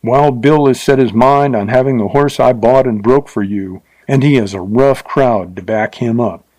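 A man voicing a confident young Texan horseman who speaks briskly and mockingly in an audiobook. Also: mid-range voice, darkish tone, no echo, close to an everyday voice. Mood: urgent.

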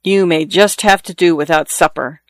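A man's voice: a little high, fairly even intonation, moderate pace, no echo, clean studio sound, natural voice. A man reading a jovial older man's lines in an audiobook, hearty and joking as he tells family stories.

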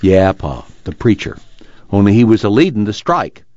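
A man voicing a hurt, weary young farmhand with a drawl, talking low and grim. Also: sing-song, moderate pace, darkish tone, no echo. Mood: shaken. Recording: muffled, dry.

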